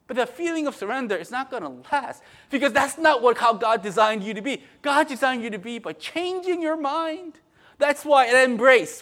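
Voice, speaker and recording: Preaching in a chatty, conversational way, the middle-aged pastor has a voice that sits high. He tags his lines with "right?" and moves back and forth between soft asides and loud, emphatic bursts.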